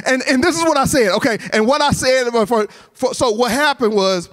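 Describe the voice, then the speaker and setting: A man's voice: extremely high pitch, normal speed. A man speaking at a college chapel, telling a humorous personal story in a sermon and acting out the voices of the people in it. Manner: animated, acts out voices in his stories.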